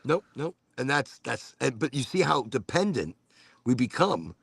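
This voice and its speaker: An American man with a gravelly, creaky voice rambles through a loose, casual chat, animated and quick to curse. His voice sounds dry and close, with no room around it. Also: mid-range voice, no room sound. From United States. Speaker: podcast host.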